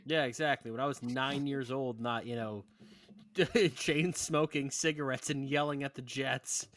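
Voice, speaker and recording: A man's voice: medium pitch, fairly even intonation, unhurried, fairly bright tone, slight background noise. A man from New Jersey co-hosting a casual TV recap podcast, joking and laughing at his own jabs. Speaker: podcast co-host.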